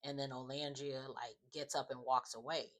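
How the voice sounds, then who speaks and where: Very deep-voiced chatty woman recapping TV. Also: steady tone, normal speed. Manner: chatty, opinionated, often says "just like" and "um". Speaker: reality TV recap vlogger. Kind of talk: casual show recap commentary.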